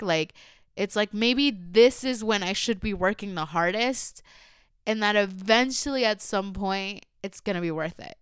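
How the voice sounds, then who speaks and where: A woman's voice: medium pitch, moderate pace, clear, resonant tone, no room sound, studio quality. A young woman hosting her own podcast, casual and earnest, chatting lots of "like" and slipping into phrases. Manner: emotional and earnest. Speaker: podcast host. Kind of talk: casual solo podcast chat.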